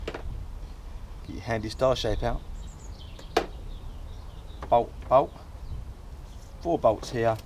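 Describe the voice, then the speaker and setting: A man's voice: medium pitch, very slow, long pauses, a little mellow, slight background noise. A man casually talking through a motorbike service step by step, chatty and jokey. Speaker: home mechanic.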